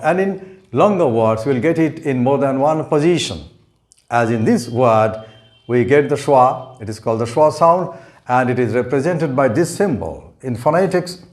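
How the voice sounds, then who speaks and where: A man gives a slow, careful pronunciation lesson, spelling words out letter by letter and saying each one several times. His pitch swings widely as he stresses syllables, and he never hurries. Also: a little mellow. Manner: spells out letters and repeats words slowly and deliberately. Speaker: pronunciation teacher.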